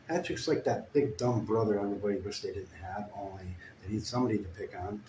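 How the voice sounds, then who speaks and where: A man telling a crude, meandering comic story with deadpan asides. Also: fairly low pitch, a little fast. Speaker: comedic storyteller. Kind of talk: rambling improvised comic story. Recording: echoey room with faint ambient noise. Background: guitar playing.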